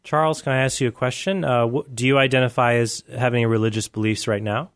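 Radio host guy, friendly and quick, middle pitch, restarts his sentences a lot. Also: fairly even intonation, smooth. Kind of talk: call-in radio chat.

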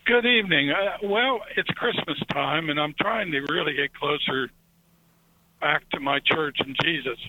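A man's voice: on the high side, normal speed, bright, forceful tone, rough recording. A man from North Carolina calling in to a radio show, asking an earnest question with hesitant restarts. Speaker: caller. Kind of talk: phone-in question.

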